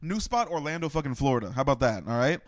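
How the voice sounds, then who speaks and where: A man's voice: medium pitch, lively intonation, fast. A man co-hosting a casual podcast, laid-back and slangy, swearing now and then. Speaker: podcast co-host.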